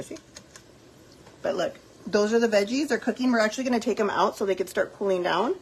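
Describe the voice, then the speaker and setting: A woman's voice: medium pitch, fairly quick, vocal fry, a little hiss or hum, low-quality recording. A young woman hosting a casual cooking vlog from her home kitchen, chatting freely and dropping in phrases. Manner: chatty, switches into Spanish phrases, frequent fillers. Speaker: cooking vlogger. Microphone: phone on a tripod.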